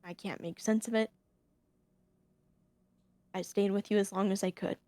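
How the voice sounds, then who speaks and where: A woman playing a hushed, apologetic father. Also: medium pitch, fairly even intonation, normal speed, no echo, lightly acted. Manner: quiet, apologetic. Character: ghostly father with a lampshade head.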